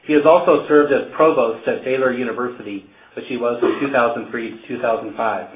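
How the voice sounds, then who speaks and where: A man gives a measured, formal introduction of a guest speaker. His voice carries room echo. The sound is thin and narrow, like a phone line. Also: medium pitch, fairly even intonation. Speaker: conference host introducing the speaker. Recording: tinny, echoey room sound.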